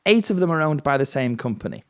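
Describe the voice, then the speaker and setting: Playful man, lively pitch. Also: quick pace. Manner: playful, teasing, laughs often. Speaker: podcast co-host. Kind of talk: casual chat.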